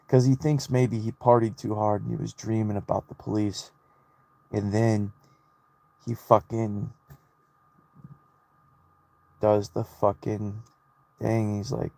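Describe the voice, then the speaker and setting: A man's voice: on the low side, measured pace, gravelly, pauses often, dark tone. A young man in a casual solo vlog, retelling a movie and his childhood in a loose, swear-heavy ramble that keeps restarting. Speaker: solo vlogger. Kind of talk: rambling personal monologue.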